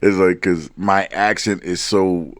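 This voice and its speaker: A man from the US West Coast, co-hosting a podcast in casual chat, animated and given to quoting people in put-on voices. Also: low-pitched, a little slow, no echo, clean studio sound. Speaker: podcast co-host.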